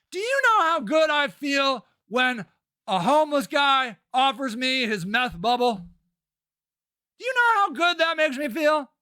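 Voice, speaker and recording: A man's voice: very high voice, sharp tone, dry recording, clean studio sound. A middle-aged man hosting a live stream, reading chat and talking back in a sarcastic, profane, rambling way.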